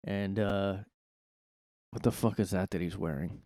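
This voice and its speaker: A man's voice: deep voice, steady tone, unhurried, dark tone, no echo, studio quality. A man hosting his own show from his room, ranting casually in a rambling, sarcastic way with plenty of swearing. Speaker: podcast host. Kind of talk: casual solo commentary rant.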